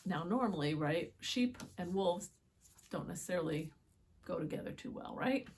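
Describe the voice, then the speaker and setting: A woman's voice: on the low side, animated, moderate pace, vocal fry, a little mellow. A woman reading picture books aloud to children, with chatty asides and questions for the young viewers. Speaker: children's story time reader.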